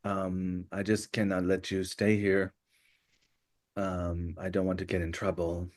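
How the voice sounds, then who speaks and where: A man's voice: sits low, little pitch movement, a little slow, darkish tone, voice pushed down. A man voicing a timid, friendly female kobold who talks in a nervous, hesitant, polite way during a tabletop game. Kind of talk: tabletop role-play voice.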